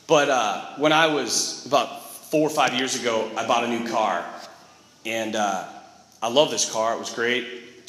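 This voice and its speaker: Animated priest preaching in an echoey church. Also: male voice, mid-range voice. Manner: animated storyteller with quick asides and acted quotes. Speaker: Catholic priest. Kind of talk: sermon. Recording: echoey church with long reverb.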